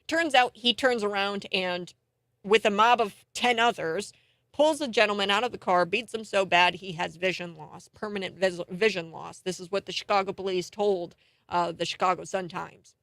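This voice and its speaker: A woman hosting a morning talk radio show, getting indignant and animated as she rants and laughs in scorn. Her voice sits in a middle pitch. It is recorded close and dry on a studio mic. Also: moderate pace, no echo. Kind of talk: heated political talk radio monologue.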